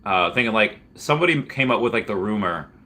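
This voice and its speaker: Male stream host, low bright-edged voice, casual rambling Q&A delivery, sudden excited pitch jumps. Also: a little fast. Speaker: livestream host answering viewer questions. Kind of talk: casual livestream Q&A.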